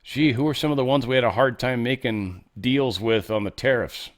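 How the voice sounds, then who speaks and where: A man's voice: mid-range voice, normal speed. A man hosting a casual news commentary show, reading headlines with sarcastic, offhand asides. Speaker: host.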